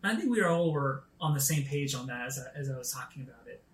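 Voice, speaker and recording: A man preaching a sermon, telling a story from his youth pastor days and acting out the dialogue with lively energy. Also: fast, roomy sound, a little hiss or hum. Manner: animated, acts out quoted dialogue with rising pitch.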